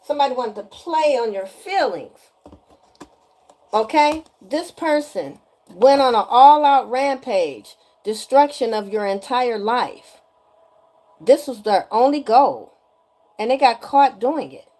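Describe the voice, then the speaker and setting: A woman's voice: a little high, lively intonation, takes it slowly, darkish tone. A woman giving a spiritual energy reading straight to the viewer in a sassy, chatty way, often asking "okay?". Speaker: tarot energy reader.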